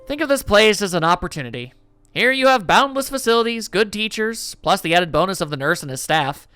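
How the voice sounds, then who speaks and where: Calm, roundabout male teacher in a read-aloud visual novel, brisk bright tone, played by a man. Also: high voice, clean tone, no room sound, pitched above the performer's own voice, full character voice. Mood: lecturing. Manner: measured, roundabout lecturing. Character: patient, lecturing male schoolteacher.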